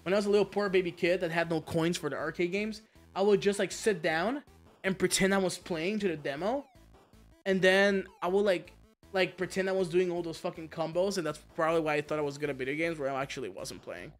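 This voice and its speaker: Excitable, foul-mouthed male streamer. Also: high voice, a little fast, faint music behind. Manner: excitable, swears a lot, laughs while telling stories. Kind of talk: casual game stream chat. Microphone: streaming mic.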